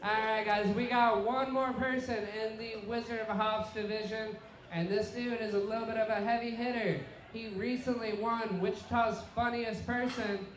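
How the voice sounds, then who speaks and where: A man's voice: high-pitched, normal speed. A man hosting a comedy show on a brewery stage, introducing the next comic in an upbeat, hyped way. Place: brewery stage with live audience. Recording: echoey room with lively crowd.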